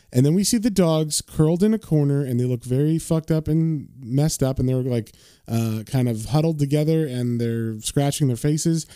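A man's voice: a little high, warm tone, clean tone, no room sound, clean studio sound. A man casually recapping and reading a comic book issue as a podcast host. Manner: casual, with fillers and laughs.

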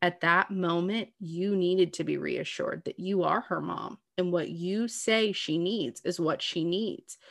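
A chatty woman with a lowish voice talks at length in casual, heartfelt conversation. She is earnest and reassuring, with many "like"s and "you know what I mean"s. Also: vocal fry, no echo, studio quality. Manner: talkative, earnest, reassuring, full of "like".

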